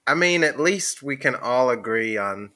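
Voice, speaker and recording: A man co-hosting a comedy podcast in casual banter, giggling often between slow, drawn-out remarks. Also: medium pitch, animated, pushed and bright. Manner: giggly, laughs often, bursts into silly sung bits. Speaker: podcast co-host.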